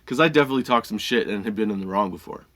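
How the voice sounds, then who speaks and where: A man's voice: fairly low pitch, lively intonation, rapid-fire, a bit bright. A male podcast host telling a comic story, swearing freely and laughing between lines.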